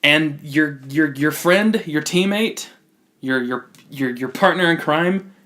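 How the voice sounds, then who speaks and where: A man's voice: a little high, takes it slowly, pushed and bright. A man hosting a casual movie review podcast, giving blunt opinions and often restarting his sentences. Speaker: podcast host.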